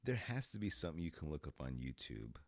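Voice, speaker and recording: A man's voice: very deep voice, very animated, fast talker, dry recording. A man hosting a podcast in a casual, rambling monologue, laughing often. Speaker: podcast host.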